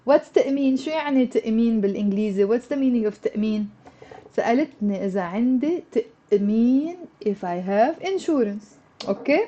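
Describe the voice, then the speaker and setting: Lively Lebanese woman teaching Arabic. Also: fairly high pitch, racing, lo-fi sound. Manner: lively and encouraging, switching between English and Arabic. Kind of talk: online language lesson.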